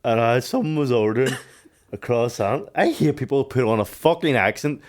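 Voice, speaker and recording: A man, co-hosting a podcast in casual banter, telling animated stories with plenty of swearing. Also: medium pitch, moderate pace. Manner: animated storytelling with swearing and laughter. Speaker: podcast co-host.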